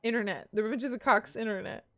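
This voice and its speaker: A woman's voice: on the high side, quick pace, a bit bright. A woman streaming a video game and chatting casually with her viewers, giggly and teasing. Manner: chatty, giggly, answers chat. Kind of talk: casual live-stream chat.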